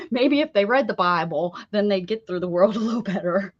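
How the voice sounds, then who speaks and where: A woman's voice: medium pitch, moderate pace, noisy background. A woman hosting a craft livestream, chatting casually with viewers, laughing often and greeting them by name. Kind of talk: casual chat while crafting. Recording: dull lo-fi stream audio.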